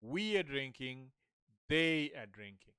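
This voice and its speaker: A man's voice: medium pitch, very animated, pushed and bright, smooth, dry recording, clean studio sound. A man giving a patient language lesson, sounding out words syllable by syllable and encouraging the listener. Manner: patient, repeats syllables slowly and encourages the learner. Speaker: language teacher. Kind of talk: slow pronunciation lesson.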